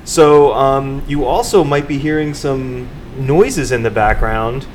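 A man's voice: medium pitch, steady tone, takes it slowly, slight background noise. Upbeat chatty male podcast host. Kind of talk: casual podcast chat.

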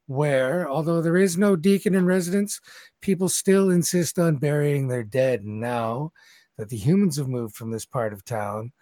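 A man's voice: fairly high pitch, moderate pace, dark tone, no echo. Game master, man, rambling storyteller, dry close sound. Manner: rambling, conversational. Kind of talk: narrating a tabletop game.

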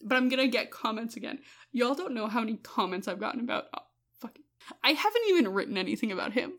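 A woman co-hosting a podcast in a fairly high voice. She talks casually and says y'all, dropping into soft, reflective musing and then bursting into loud, laughing excitement. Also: quick pace. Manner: uses y'all, laughs often. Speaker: podcast co-host.

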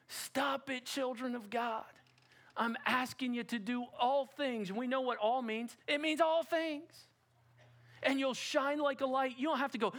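A man's voice: extremely high pitch, lively intonation, measured pace, a bit bright. Emphatic man preaching a sermon. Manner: emphatic, direct preaching with rhetorical questions. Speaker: pastor. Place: church sanctuary.

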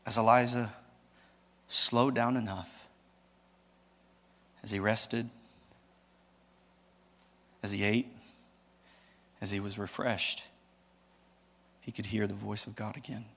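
A male pastor preaching a sermon in an animated, dramatic way, often asking the audience questions. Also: lowish voice, slow, pauses often, in a large hall.

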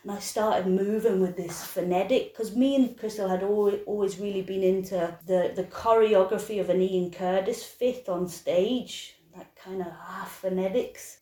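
A woman's voice: medium pitch, mellow. A woman choreographer talking candidly in an interview, telling stories and acting out quoted voices. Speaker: choreographer and dancer. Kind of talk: casual interview talk. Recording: echoey room.

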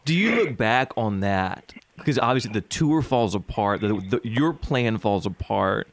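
A man's voice: mid-range voice, very animated, moderate pace. A man hosting a casual interview, affirming his guest and asking long, winding questions. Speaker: podcast host.

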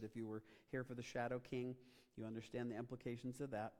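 A male pastor delivers a sermon with a mid-range voice, building to loud, emphatic stretches. The sound carries the long reverb of a large church auditorium, and he talks straight to his congregation. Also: mid-range voice, level tone, quick pace. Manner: dramatic, rising to loud emphatic passages.

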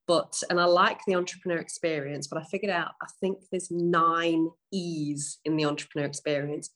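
This is a middle-aged woman chatting casually as a host. She sounds bubbly and excitable and laughs often. Her voice sits a little low. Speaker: business owner and host. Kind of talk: casual chat.

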